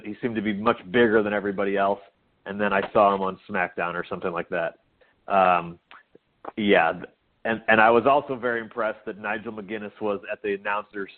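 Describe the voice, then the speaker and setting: A man co-hosting a podcast, chatting casually in a dry, joking, halting way. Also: fairly low pitch. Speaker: podcast co-host. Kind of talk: casual chat. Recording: phone-line call-in sound.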